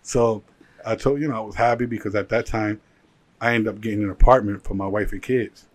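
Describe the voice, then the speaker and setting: A man with a low voice, a guest in a casual interview, recounting his rise in business. He tells it in an animated way, with lots of "like" fillers. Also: a little fast. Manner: animated storyteller with many "like" fillers. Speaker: guest, jeweler and entrepreneur.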